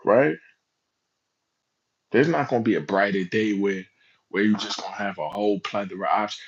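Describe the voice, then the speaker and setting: A man's voice: lowish voice, moderate pace, husky, lo-fi sound. A man giving slangy, emphatic reaction commentary, often asking rhetorical questions. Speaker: commentary vlogger.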